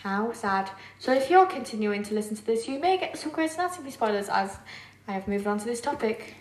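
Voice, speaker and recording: A young woman co-hosting a podcast, chatting casually and gushing about films and shows with quick asides. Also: on the high side, lively intonation. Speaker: podcast co-host. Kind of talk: casual chat.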